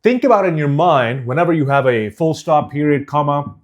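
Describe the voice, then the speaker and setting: A man teaching a speaking course, speaking deliberately and clearly enunciating each syllable with emphasis. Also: fairly high pitch, lively intonation. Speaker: speaking coach. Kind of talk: instructional course.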